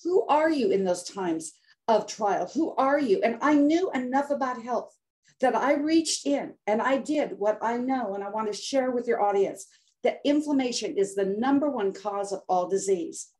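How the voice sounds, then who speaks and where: A woman's voice: on the high side, expressive, moderate pace, a little mellow. An older woman guest on an interview show, telling her story in a dramatic, inspirational way. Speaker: guest health coach.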